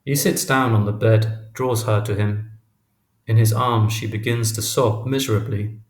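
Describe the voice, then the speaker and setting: A man narrating a literary audiobook in a measured, even reading. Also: on the low side. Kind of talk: scripted narration. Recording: roomy echo.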